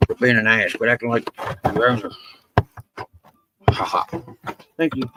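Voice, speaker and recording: A man's voice: medium pitch, fairly even intonation, measured pace, pauses often, heavy background noise. A man hosting a casual livestream, rambling and teasing his friends with salty jokes. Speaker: livestream host.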